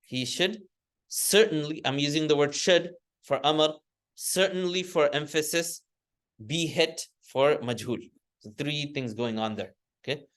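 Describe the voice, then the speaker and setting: A man's voice: a little high, measured pace, fairly bright tone. A man teaching an Arabic grammar class in a classroom, explaining step by step, often correcting himself and chanting word forms for students to repeat. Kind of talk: classroom lesson.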